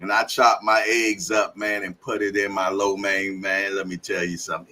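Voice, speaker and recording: This is a man hosting a relaxed livestream chat. His voice comes across bright and forceful, and he rambles through stories with plenty of laughter and casual slang. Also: deep voice, poor audio. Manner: laughs often, drawn-out storytelling with slang fillers. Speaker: podcast host.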